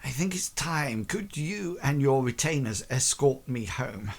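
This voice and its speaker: A man's voice: mid-range voice, expressive, a little slow, gravelly. A man voicing a hungover, dazed young male noble in a tabletop game, speaking in a posh, faltering way. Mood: weary.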